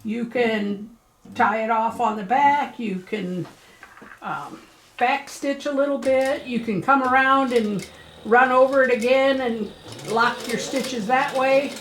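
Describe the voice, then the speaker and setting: A woman's voice: fairly high pitch, slow, a bit bright, slight background noise. A woman presenting a casual sewing tutorial for her craft shop, talking in a chatty, folksy and encouraging way.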